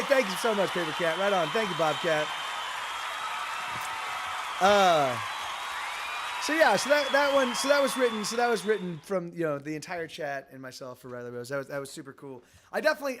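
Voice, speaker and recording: A man's voice: high-pitched, very noisy. A man, a musician streaming live, chatting loosely with his viewers between songs, rambling and thinking aloud as he thanks them.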